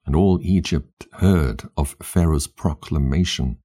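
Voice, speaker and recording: A man with a very low, dark voice reads scripture aloud. His tone has a husky grain. He narrates steadily and solemnly. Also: measured pace.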